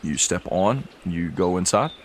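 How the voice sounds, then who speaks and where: A man running a tabletop game as game master, narrating in a relaxed, easygoing way with fillers. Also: low-pitched, measured pace, a little hiss or hum.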